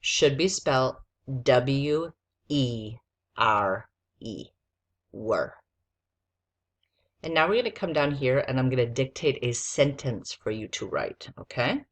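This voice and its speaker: A woman's voice: very deep voice, animated, slow, pauses often. A woman teacher giving a spelling lesson to a child, patiently spelling words out letter by letter.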